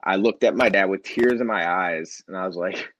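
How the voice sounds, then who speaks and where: A man, a nonprofit founder and interview guest, telling a personal story in casual conversation and acting out quoted dialogue with lively energy. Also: sits low, normal speed, muffled recording, slight background noise.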